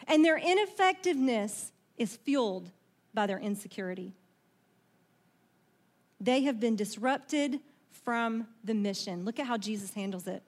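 High-voiced woman preaching a lively sermon. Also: a little slow. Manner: conversational, animated, asks the audience questions; acts out quoted voices in the story. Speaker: pastor.

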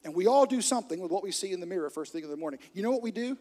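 A man preaching a sermon to a congregation, animated and humorous, acting out little quoted scenes. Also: high-pitched, very fast. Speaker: pastor.

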